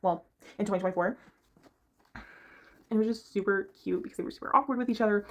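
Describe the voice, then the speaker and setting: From her bedroom, a book reviewer chats casually and fast about books in an ordinary-pitched voice. She rambles from point to point, pausing to grope for the right word.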